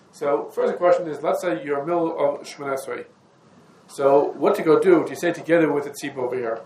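A man giving a halachic lesson, talking through the sources in a meandering, conversational way and mixing in Hebrew and Yiddish terms. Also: a little high. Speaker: Torah teacher. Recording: echoey room with faint ambient noise.

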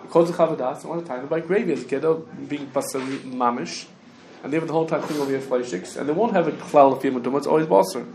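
A man teaching a Talmud class to students, talking quickly and restarting often, with Hebrew and Yiddish terms mixed in. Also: a little high, a little mellow. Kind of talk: casual Talmud study lesson. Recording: echoey room with faint background noise.

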